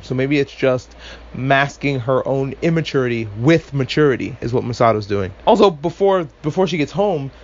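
A man's voice: medium pitch, lo-fi sound. A man hosting a casual podcast recap, talking with animation, swearing freely and tossing in sarcastic asides. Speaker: podcast host.

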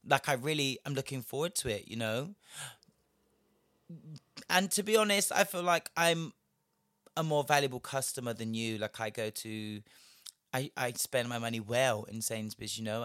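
A man's voice: mid-range voice, dry recording, studio quality. A young man, delivering a profane, sarcastic ranting commentary as a vlogger. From Britain. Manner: profane, sarcastic, shifting loudness.

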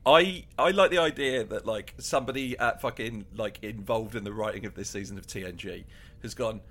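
A man's voice: fairly low pitch, brisk, fairly bright tone. A man co-hosting a podcast in loose, rambling casual chat, laughing often. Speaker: podcast co-host.

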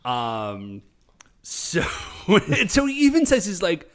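Animated man recapping a show. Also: high voice. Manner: animated storytelling with quick voiced quotes. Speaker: podcast co-host recapping a show. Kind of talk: casual chat.

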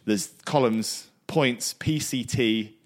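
A man's voice: mid-range voice, slow pace. A man co-hosting a casual cricket podcast, rambling and hesitant, repeating words and laughing along. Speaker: podcast co-host.

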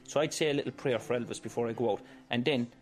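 A man's voice: mid-range voice, fast, a little mellow. A middle-aged man from County Kerry with an Irish accent, a tribute performer for a famous singer telling anecdotes and acting out what people said. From Ireland. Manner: chatty, anecdotal, fond of quoting voices. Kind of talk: storytelling interview.

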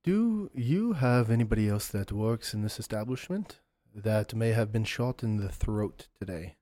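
A man's voice: lowish voice, expressive, normal speed, dark tone, no room sound, clean studio sound, lightly acted. A man playing a formal, inquisitive man who asks stiff, polite questions.

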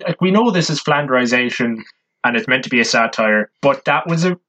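A man's voice: mid-range voice, expressive, a little fast, sharp tone. A man with a North Dublin accent co-hosting a podcast, giving wry comments on a film in casual chat. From Ireland. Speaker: podcast co-host. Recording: dull lo-fi audio.

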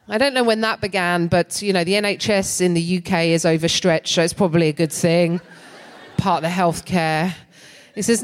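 Speaking briskly in a fairly low voice, a middle-aged woman comedian tells a story into a stage microphone on a big theatre stage. She's sardonic and lively, laughing between lines.

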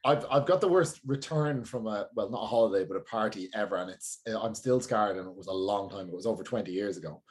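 Low-voiced man in his forties telling a story. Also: fast, few pauses. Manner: fact-filled, self-deprecating. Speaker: comedy podcast guest. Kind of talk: anecdotal storytelling.

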